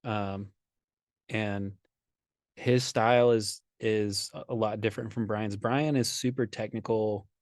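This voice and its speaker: A man's voice: on the low side, steady tone, slow, no room sound. Laid-back man on a dry podcast mic. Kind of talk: casual chat.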